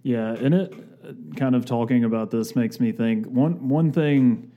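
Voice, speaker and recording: A man's voice: mid-range voice, measured pace, phone-quality sound. A man co-hosting a podcast, talking casually and thinking aloud in loose, winding sentences. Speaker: podcast co-host.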